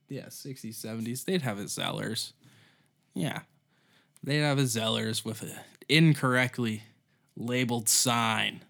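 A man's voice: medium pitch, a little slow, gravelly, a bit bright. Rambling, foul-mouthed podcast guy. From Canada. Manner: rambling, profane, offhand, trailing off into mumbles. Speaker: podcast host. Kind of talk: solo comedy podcast monologue.

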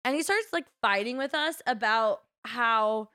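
A woman's voice: fairly high pitch, measured pace, clean tone, no room sound, studio quality. A young woman from Central Illinois hosting a podcast, telling a story in casual, profane chat and acting out her own lines. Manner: animated, profane, quotes herself. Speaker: podcast host.

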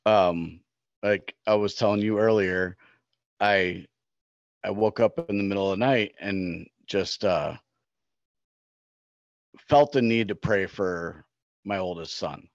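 A man's voice: low voice, slow pace, pauses often, dry recording. A middle-aged man co-hosting a podcast, speaking in an earnest, reflective casual chat. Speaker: podcast co-host. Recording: slightly dull, lo-fi sound.

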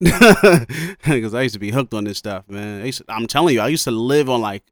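A man's voice: medium pitch, animated, normal speed, a bit bright, dry recording, clean studio sound. A young man chatting casually as a podcast co-host, laid-back and slangy, swearing now and then. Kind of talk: casual chat.

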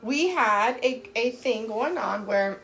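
A woman co-hosting a casual chat podcast, talking in an animated, emphatic way and giving playful advice. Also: a little high, slow, a little hiss or hum. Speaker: podcast co-host.

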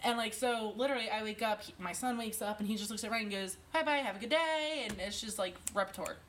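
A young woman, a conference organizer and mother, chatting casually with animated storytelling and a lot of laughter. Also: mid-range voice, fast, recorded from a distance, a little hiss or hum. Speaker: event organizer. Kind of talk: casual chat.

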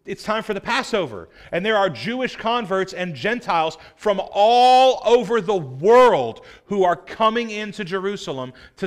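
A man pastor preaching a sermon, earnest and conversational, with casual asides. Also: sits high.

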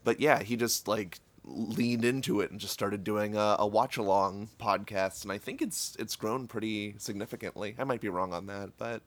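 A man's voice: on the low side, moderate pace, hardly any pauses. A man co-hosting a casual podcast, teasing and joking while recovering from an illness. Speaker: podcast co-host. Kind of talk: casual chat.

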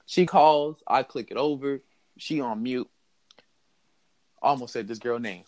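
A young man telling a story in casual chat, animated and mocking, laughing as he goes. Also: medium pitch, a little slow. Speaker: podcast host telling a story.

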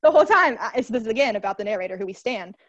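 Gushing high-voiced woman, muffled dry audio. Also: very fast, no room sound. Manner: gushing, animated, swears freely. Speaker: podcast co-host. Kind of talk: casual chat.

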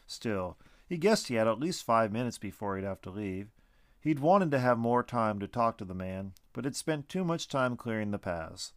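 A man narrating a storybook in an expressive, animated reading. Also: on the low side, normal speed, no room sound, clean studio sound.

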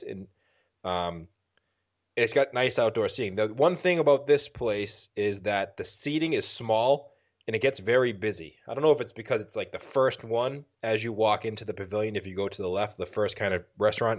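A man with a Boston accent co-hosting a podcast, chatting in a rambling, jokey way and correcting himself as he goes. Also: lowish voice. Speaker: podcast co-host. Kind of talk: casual chat.

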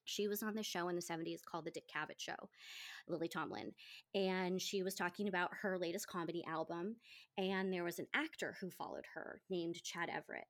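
A woman hosting a podcast, telling a story in casual chat, animated and chatty. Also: on the low side, fairly quick. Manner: animated, chatty, quotes people in lively voices. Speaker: podcast host.

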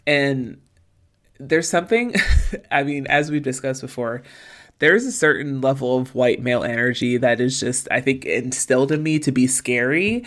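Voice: medium pitch, moderate pace, a bit bright. A podcast co-host chatting casually and emphatically, adding asides like "okay?" to drive points home. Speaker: podcast co-host recapping a TV series. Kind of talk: casual chat.

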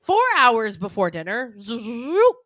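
A woman's voice: fairly high pitch, very animated, slow pace, a bit bright, no room sound, clean studio sound. A woman co-hosting a podcast, chatting casually and animatedly, swearing often and acting out quotes. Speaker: podcast co-host. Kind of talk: casual chat recapping reality TV.

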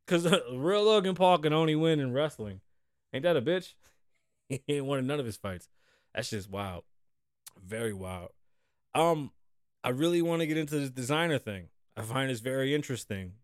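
A man's voice: on the high side, no echo, clean studio sound. A man hosting a podcast, chatting loosely with lots of swearing and jokes, and reading news stories aloud. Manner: profane, joking, loose and rambling. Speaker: podcast host.

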